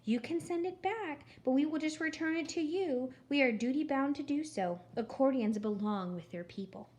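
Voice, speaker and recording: A woman voicing a sugary-sweet company clerk in an annoyingly sweet, high voice. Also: expressive, normal speed, darkish tone.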